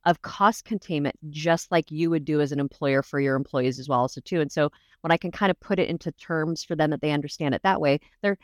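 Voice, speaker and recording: A woman's voice: low voice, brisk, no echo. A woman guest on a podcast interview, explaining practical advice step by step in a reassuring way. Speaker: guest, dental association benefits adviser.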